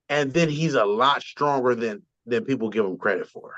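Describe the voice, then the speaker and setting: A man's voice: mid-range voice, normal speed, few pauses, fairly bright tone, dry recording, highs cut off. Rambling man on a sports podcast. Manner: rambling, frequent ums and restarts. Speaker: podcast co-host. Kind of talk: casual sports chat.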